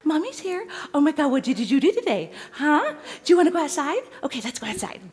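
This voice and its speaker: A woman putting on an over-excited dog owner who greets her pet in squealing baby talk. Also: sits high, fast talker, pitched above the performer's own voice. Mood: gushing.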